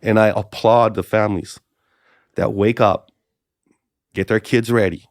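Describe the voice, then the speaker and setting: Hawaii-raised male pastor telling lively stories. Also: on the low side, creaky, no echo, clean studio sound. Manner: animated storyteller, repeats phrases, quick restarts. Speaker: pastor, podcast guest. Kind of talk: conversational storytelling interview.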